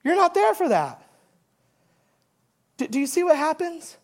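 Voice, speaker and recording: A high-pitched woman delivers a Sunday sermon. She preaches emphatically, repeating her key points and building force as she quotes scripture. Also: sing-song, measured pace, darkish tone. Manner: emphatic preaching, repeating key phrases, rising when quoting. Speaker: pastor.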